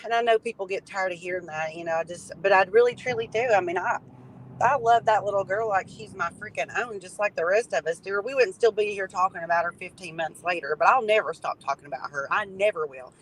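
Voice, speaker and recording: A guest from Tennessee with a Tennessee Southern accent, speaking in a hesitant, halting, earnest way in casual chat. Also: mid-range voice, a bit bright, a little hiss or hum, rough recording.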